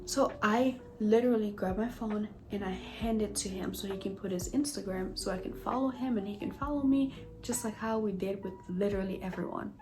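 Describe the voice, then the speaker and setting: A woman vlogger recounting a story to her viewers in a chatty, animated way, full of fillers and asides to the audience. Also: medium pitch, a little fast, hardly any pauses, music in the background, rough recording. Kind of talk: storytime vlog.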